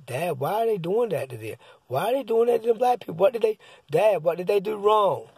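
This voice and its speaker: A man's voice: high-pitched, expressive, a little fast, vocal fry, a little mellow, husky, no room sound, pitched above the performer's own voice, full character voice. A man voicing his seven-year-old son, an upset and insistent little boy pleading with his father.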